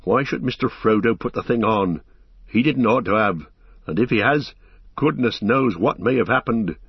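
A man's voice: on the low side, moderate pace, breathy edge, no room sound, dull audio. A man reading aloud, voicing a loyal, worried male hobbit servant. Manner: earnest, rustic and worried.

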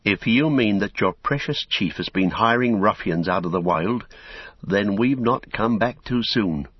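A man's voice: lowish voice, animated, a little slow, slightly rough, no echo, lo-fi sound. A man voicing a bold young male hobbit in an audiobook, firm and impatient.

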